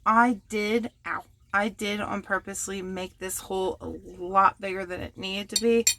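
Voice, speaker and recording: A woman chatting casually and teasing herself while she crafts at home, going quiet when the work gets delicate. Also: mid-range voice, steady tone, moderate pace, a little hiss or hum. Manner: chatty and self-mocking, drops to a hush while working. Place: home workspace.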